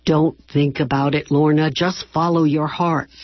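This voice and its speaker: A woman's voice: deep voice, steady tone, measured pace, no room sound, muffled recording. Pushy blunt male organizer, read by a woman. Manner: blunt, pressing.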